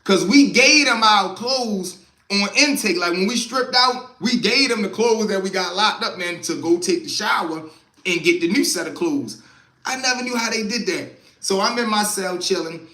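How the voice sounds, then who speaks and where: A man telling a story on a live stream in a casual, profane, animated way, punctuating with sound effects. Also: high voice, normal speed, echoey room.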